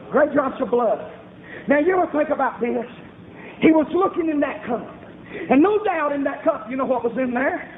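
Fervent shouting preacher, echoey tinny sound. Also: male voice, very high voice. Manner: fervent, shouting in rhythmic bursts, call-and-response style. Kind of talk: revival sermon. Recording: echoey room over a tinny phone-like line.

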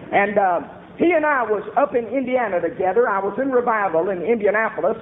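A man's voice: sits high, fast talker, roomy sound. A man from the American South with a Southern accent, preaching folksy stories with homespun humor. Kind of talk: folksy sermon with anecdotes. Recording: tinny phone-like recording with faint hiss.

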